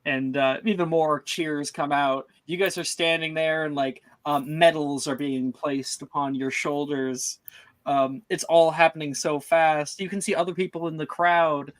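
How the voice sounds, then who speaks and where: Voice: mid-range voice, steady tone, a little slow, no room sound. A game master narrating a tabletop role-playing scene with lots of fillers. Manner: rambling, many fillers.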